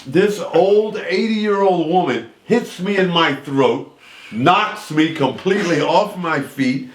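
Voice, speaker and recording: A man's voice: a little high, takes it slowly, reverberant. A man guest on a radio show, telling a long anecdote and voicing the people in it. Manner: lively anecdote with voiced quotes. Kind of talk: animated storytelling. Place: radio studio.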